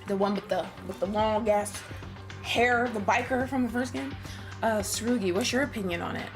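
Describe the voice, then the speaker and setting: A woman's voice: mid-range voice, normal speed, long pauses. Sarcastic woman streamer cussing through a game, game music playing behind. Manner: profane, sarcastic, chatty. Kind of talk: casual gameplay commentary, reading a visual novel aloud.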